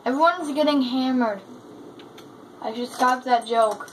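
A woman giving casual, chatty commentary while playing a shooter game, excitable and full of exclamations. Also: high voice, unhurried. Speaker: gamer. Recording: noisy gameplay capture.

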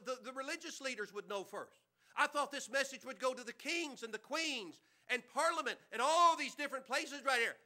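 A man's voice: extremely high pitch, pushed and bright, heavily acted. A man voicing a humble shepherd in a sermon, speaking plainly and earnestly with a touch of stammering wonder. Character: humble, awestruck male shepherd being interviewed.

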